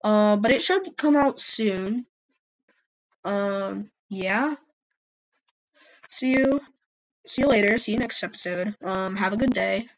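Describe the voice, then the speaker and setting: A woman's voice: mid-range voice, takes it slowly, pauses often, low-quality recording. A young woman signing off a fan story podcast in casual chat, rambling with lots of ums. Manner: rambling, many ums, giggly.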